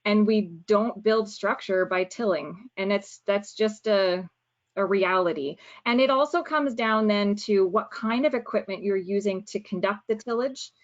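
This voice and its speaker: A woman who specializes in soil presents in an online webinar, explaining at length with fillers and self-corrections. Her voice is medium-pitched and measured, and the video-call audio sounds dull and lo-fi.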